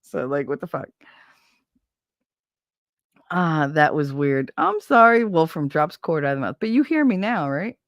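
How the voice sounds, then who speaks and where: Speaking into a desk microphone, this streamer has a deep, sing-song voice, a measured pace and long pauses. She rambles casually and bluntly with plenty of profanity, and the audio is studio quality with no echo.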